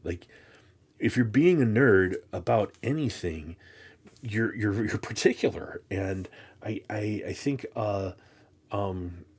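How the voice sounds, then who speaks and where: A man's voice: fairly low pitch, darkish tone, breathy edge. A man chatting casually as he unpacks a comic shipment, rambling and restarting his sentences, exasperated and poking fun at himself. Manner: rambling, halting, many restarts; exasperated, self-mocking. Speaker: comic collector vlogger. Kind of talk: casual unboxing chat.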